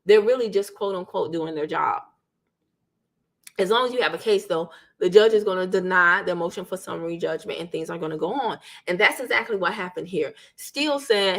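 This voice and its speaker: A woman's voice: mid-range voice, normal speed, bright, forceful tone. A woman hosting a legal commentary channel, talking casually to her viewers and acting out what the people in court said. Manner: chatty, addresses viewers as "y'all", acts out quotes.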